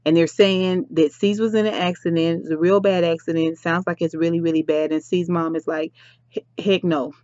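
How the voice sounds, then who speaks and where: A woman's voice: lowish voice, steady tone, fairly quick, hardly any pauses, warm tone, no room sound. A woman chatting casually as she recaps a reality show, sassy and talking straight to her listeners. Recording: dry, slightly dull lo-fi sound.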